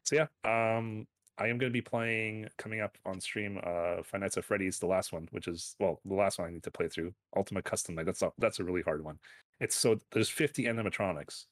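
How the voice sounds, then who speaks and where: A man's voice: deep voice, fairly even intonation, fairly quick, no echo. A man co-hosting a casual podcast over an online call, rambling loosely and correcting himself as he goes. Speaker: podcast co-host. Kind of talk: casual chat.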